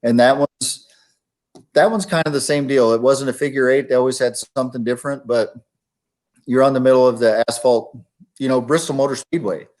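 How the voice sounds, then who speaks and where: A man telling racing stories in a relaxed, rambling way, with lots of fillers. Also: medium pitch, a little fast. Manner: laid-back, rambling with many fillers. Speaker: guest, retired monster truck driver. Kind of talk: casual storytelling chat.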